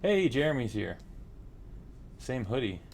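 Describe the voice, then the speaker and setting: A man's voice: mid-range voice, big pitch swings, a little slow, a little mellow, slight background noise. A man hosting a casual game livestream, chatty and upbeat, with frequent fillers. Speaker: stream host.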